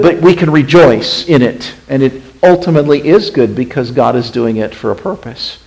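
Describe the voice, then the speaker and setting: A man preaching a sermon as pastor, questioning the congregation and swinging between hushed, intimate passages and emphatic, raised ones. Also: medium pitch, moderate pace, vocal fry, hardly any pauses, poor audio.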